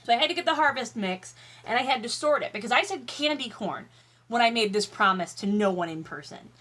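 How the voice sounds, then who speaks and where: Woman vlogger, tired, candid, chatty, swears freely, bright voice, home office. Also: a little high, expressive, brisk. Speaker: YouTube vlogger. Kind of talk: casual chatty vlog while eating.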